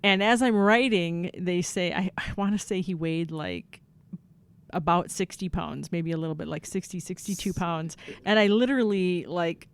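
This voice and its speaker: A woman, a mother co-hosting a podcast with her son, telling funny family stories in casual chat and acting out her own past shouts. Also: on the low side, moderate pace, clear, resonant tone.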